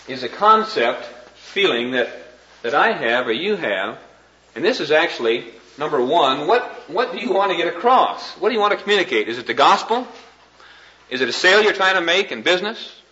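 A man's voice: on the high side, sharp tone, muffled recording. A man teaching a class on communication at a board, folksy and conversational, often checking in with his listeners. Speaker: Christian ministry teacher.

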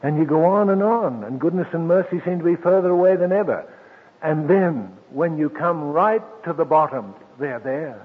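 A man preaching a sermon, slow and emphatic, dropping soft and then lifting his voice again. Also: a little high, animated, slightly rough. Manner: slow, emphatic, with soft drops and sudden lifts. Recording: tinny old radio broadcast with long reverb.

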